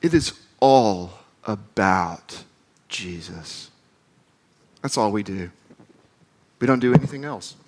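A man's voice: lowish voice, expressive, slow, long pauses, a little hiss or hum. A man in his forties from the American South, a campus minister preaching a conversational sermon with self-deprecating humor. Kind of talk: sermon with storytelling.

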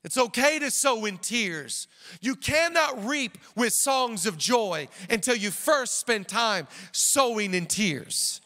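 A man's voice: extremely high pitch, lively intonation, slow, pushed and bright, big-room sound. A man pastor preaching a sermon with an emphatic, repetitive cadence.

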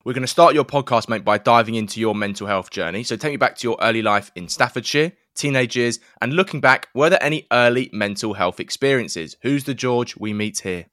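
A man's voice: mid-range voice, brisk, hardly any pauses, a bit bright, no echo. Man, podcast host, matey banter, dry sound. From East London. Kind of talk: podcast interview. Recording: dry remote podcast recording.

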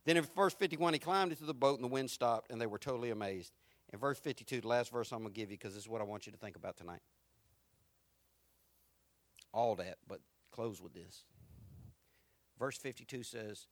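A man preaching a sermon, moving from quiet, reflective lines to loud, repeated build-ups. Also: mid-range voice, quick pace, dry recording. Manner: swings from quiet to rising, repetitive preaching. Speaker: pastor.

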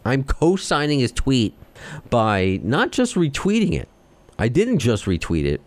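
A man with a New York accent hosting a podcast, talking fast and excitably as he rants. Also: medium pitch, no echo. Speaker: podcast host. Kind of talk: casual chat.

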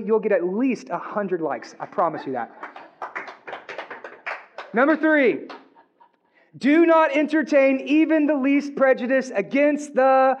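A male pastor preaching a sermon in an animated, joking way, with frequent asides to the congregation. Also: very high-pitched, lo-fi sound.

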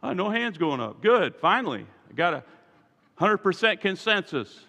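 A man preaching a sermon as pastor, moving from quiet asides to loud, emphatic calls to his congregation. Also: high voice, very animated, normal speed, long reverb tail. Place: church sanctuary.

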